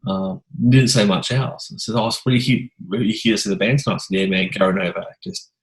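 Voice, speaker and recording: Low-voiced man telling stories. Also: fast, low-quality recording. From Australia. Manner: rambling anecdotal storyteller, animated. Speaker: podcast host. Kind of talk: casual interview chat.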